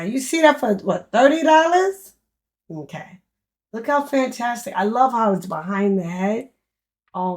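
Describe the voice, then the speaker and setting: A young adult woman walking viewers through an online store tutorial, excitedly repeating prices and exclamations for emphasis. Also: mid-range voice, gravelly. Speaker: online business creator. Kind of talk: excited screen-share product walkthrough.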